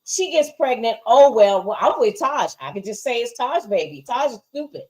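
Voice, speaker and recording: A woman's voice: on the high side, expressive, moderate pace, rough recording. A woman co-hosting a casual TV review, giving emphatic opinions and often asking "right?". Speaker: show co-host.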